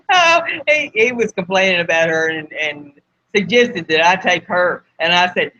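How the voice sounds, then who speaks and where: Older male co-host, high bright voice, wisecracking, dry sound. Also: lively intonation, unhurried, no echo, poor audio. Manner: joking, chuckling. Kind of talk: casual talk show chat.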